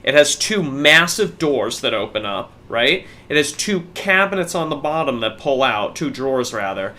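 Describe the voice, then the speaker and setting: Laid-back, bright-voiced man telling stories. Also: mid-range voice, sing-song, normal speed. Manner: laid-back storyteller, swears casually. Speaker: podcast co-host. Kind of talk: casual chat.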